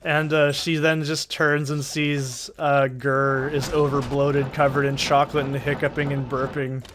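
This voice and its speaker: A man's voice: mid-range voice, flat delivery, a little slow, background noise. A man with a stuffy cold, casually rambling and swearing through gameplay commentary, heavy on "like" fillers. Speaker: gaming channel host.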